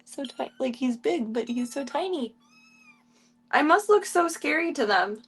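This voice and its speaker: A woman streaming casually, chatting to viewers and cooing baby talk to tiny animals in a soft, playful way. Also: sits high, animated, unhurried. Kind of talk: casual live-stream chat.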